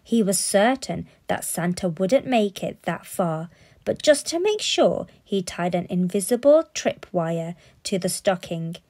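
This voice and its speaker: A woman reading a children's storybook aloud in a playful, expressive way. Her pitch moves a lot, and she takes her time over every line. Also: unhurried.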